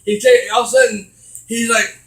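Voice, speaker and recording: A man giving a casual video game review, rambling and halting with many fillers, getting excitable as he retells scenes. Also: very high voice, creaky, echoey room, poor audio.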